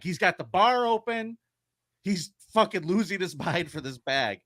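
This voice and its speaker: A man co-hosting a podcast, telling a true-crime story in an animated, profane way. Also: high-pitched, a little slow, no room sound, studio quality. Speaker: podcast co-host.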